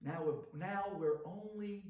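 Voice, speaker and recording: A rabbi giving an inspirational talk, telling stories dramatically and swinging between loud bursts and hushed asides. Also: male voice, sits high, measured pace, echoey room, far from the mic.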